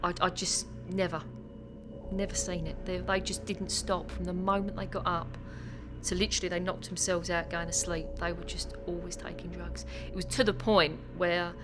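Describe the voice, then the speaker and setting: A woman interviewed in a documentary, recalling events in a halting way. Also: lowish voice, little pitch movement. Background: music.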